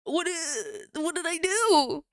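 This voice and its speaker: A young adult woman chatting casually with her live-stream viewers, giggly and animated, swearing now and then. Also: extremely high pitch, takes it slowly, no echo, studio quality.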